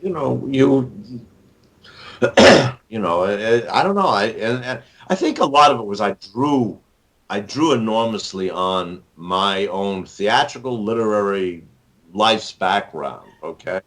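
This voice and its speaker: An older author and actor in his sixties chats as an interview guest, rambling with many fillers and false starts. His voice is on the low side and expressive, fairly bright, delivered at a measured pace.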